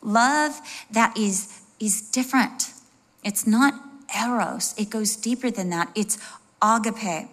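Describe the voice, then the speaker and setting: A middle-aged woman delivering a sermon. She speaks in a chatty, animated way, breaks into personal asides, and briefly acts out little voices to make her points. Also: medium pitch, slow pace. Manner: conversational and expressive, with asides and little acted-out voices. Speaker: preacher.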